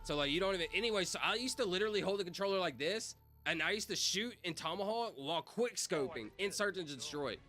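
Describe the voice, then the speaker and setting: A man's voice: high voice, expressive, quick pace, sharp tone, faint music behind. Young man rambling casually on stream. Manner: rambling, filler-heavy, says "like" and "bro" constantly. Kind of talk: casual livestream chat.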